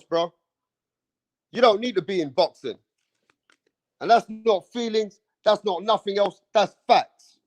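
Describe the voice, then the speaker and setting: Brief: man, high-pitched, heated profane rant, keeps saying "bro.". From England. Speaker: boxing channel host. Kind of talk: heated opinion rant to camera.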